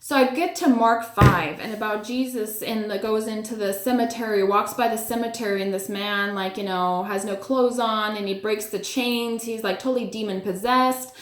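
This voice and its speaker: With a medium pitch, normal speed and hardly any pauses, a woman casually recounts one of her spiritual experiences, acting out her reactions along the way. She's chatty and full of "like" and "you know," and the echoey room carries slight background noise.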